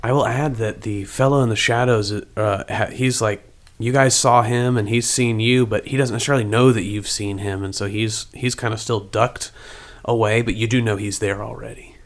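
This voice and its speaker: A man narrating as game master in a tabletop game, animated and rambling. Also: fairly low pitch, normal speed.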